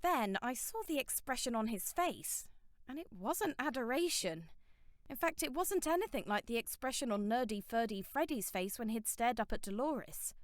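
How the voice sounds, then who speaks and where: A woman narrating a teen novel audiobook in the first person, wry and expressive. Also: on the high side, normal speed, no echo, clean studio sound.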